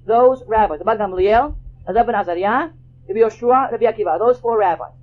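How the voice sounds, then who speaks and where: Woman, teacher, classroom lecture, rhetorical questions, fairly high voice, dull lo-fi recording. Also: a little fast. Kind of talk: classroom lecture on Jewish texts.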